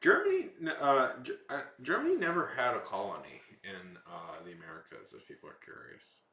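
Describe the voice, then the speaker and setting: Casting: young man with a lowish voice, rambling casual streamer, echoey room. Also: sing-song, fairly quick, sharp tone. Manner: rambling, lots of fillers and trailing off. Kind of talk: casual chat while drawing on stream.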